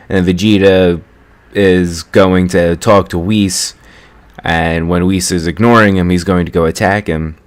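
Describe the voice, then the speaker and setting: A young man giving a rambling, chatty recap of a cartoon episode, correcting himself as he goes. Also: low voice. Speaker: anime reviewer.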